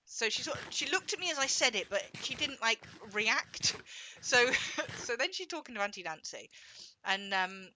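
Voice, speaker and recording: A woman's voice: on the high side, sing-song, moderate pace, bright, forceful tone, slight background noise. A young woman chatting casually while gaming, rambling and acting out quoted voices as she tells a story. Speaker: gaming co-host.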